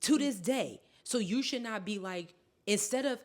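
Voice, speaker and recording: A woman's voice: mid-range voice, lively intonation, moderate pace. A woman co-hosting a podcast in casual chat, blunt and emphatic, swearing freely. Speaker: podcast co-host.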